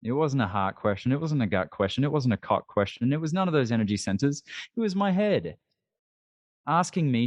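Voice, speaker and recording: A man in his thirties, a podcast guest, telling a long personal story in a candid, animated way with many restarts. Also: mid-range voice, a little fast, dry recording, lo-fi sound. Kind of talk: storytelling interview.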